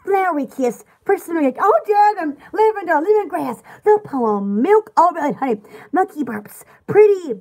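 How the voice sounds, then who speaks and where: Lady chatting thru a live shop sale, really high voice, bouncy and giggly. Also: expressive, normal speed, few pauses. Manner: giggly, chatty, rambling, reads product lists aloud. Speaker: online shop host selling bath products. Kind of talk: casual live sales chat.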